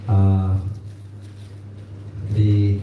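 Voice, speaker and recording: Low-voiced man in an echoey hall. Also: monotone, extremely slow, phone-quality sound, a little hiss or hum. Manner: warm-up with fillers, coaxing the crowd forward. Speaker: event host introducing the guest. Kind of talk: formal introduction at a temple gathering. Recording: echoey hall, voice far from the mic.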